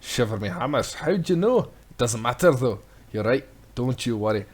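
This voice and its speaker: Man doing a loud gruff pirate-Scottish blacksmith for a game read, hearty and boisterous. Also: lowish voice, normal speed, natural voice. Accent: put-on pirate-Scottish. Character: boisterous old sailor turned blacksmith, male.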